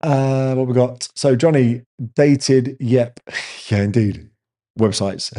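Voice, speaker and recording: A man's voice: mid-range voice, slow pace, mellow. A man, hosting a casual live chat with viewers and telling rambling stories. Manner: rambling, chatty storyteller. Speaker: host answering viewer chat.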